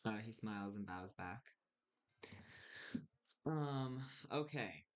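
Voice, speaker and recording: Relaxed man running a tabletop game. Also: on the low side, slow pace, highs cut off. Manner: relaxed, many ums and uhs. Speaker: game master.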